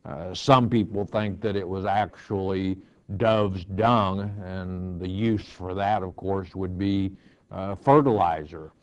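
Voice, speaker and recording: An older man, a pastor, teaching verse by verse from the Bible, reading scripture aloud and then explaining it in an unhurried way with frequent fillers. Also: low-pitched, darkish tone. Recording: dull lo-fi recording.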